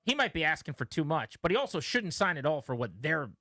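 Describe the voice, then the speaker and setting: A man's voice: fairly high pitch, very animated, fast talker, pushed and bright, no room sound. A man on sports talk radio with a slightly raised voice pushes back with pointed rhetorical questions. He presses his co-host and stumbles over repeated words as he argues. The recording is dry and close to the mic.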